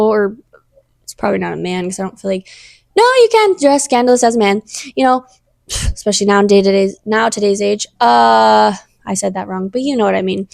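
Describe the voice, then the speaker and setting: A woman's voice: a little high, animated, brisk, gravelly, darkish tone, no room sound, clean studio sound. A young woman hosting a casual faith talk, earnest and rambling, with many fillers and restarts. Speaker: podcast host.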